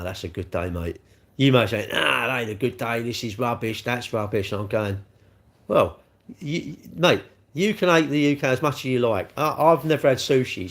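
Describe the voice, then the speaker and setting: A middle-aged man hosting a casual livestream, chatting and answering viewer comments with swearing and rhetorical questions. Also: medium pitch. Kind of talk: casual chat.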